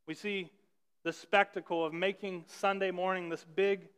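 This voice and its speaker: High-voiced pastor in a reverberant hall. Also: male voice, flat delivery, moderate pace, fairly bright tone, clean tone. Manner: conversational, with ironic rhetorical questions. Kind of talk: sermon. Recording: long reverb of a large hall.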